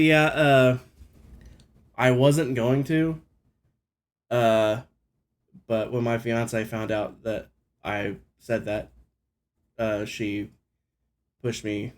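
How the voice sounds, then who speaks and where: A man chatting casually with his live-stream viewers from his computer at home, rambling and self-deprecating. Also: mid-range voice.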